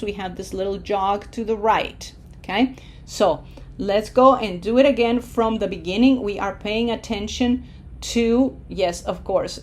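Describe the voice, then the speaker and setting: A woman teaching a slide-based Spanish lesson, modeling words slowly and clearly and checking in with "okay?". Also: medium pitch, a little hiss or hum. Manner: slow, deliberate, drawls out Spanish models loudly for repetition, checks in with "okay?".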